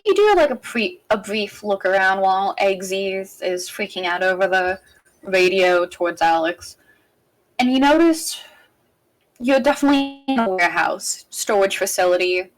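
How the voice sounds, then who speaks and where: A woman's voice: mid-range voice, expressive, moderate pace, poor audio. Casual woman narrating as game master. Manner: casual, rambling, with frequent restarts.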